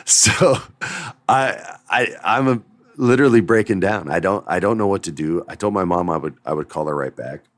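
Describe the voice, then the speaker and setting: A middle-aged man with an extremely deep, low voice tells a personal story on his podcast. He speaks with open emotion and gets choked up at times. The sound is dry and close, with no room echo. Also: unhurried. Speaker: podcast host.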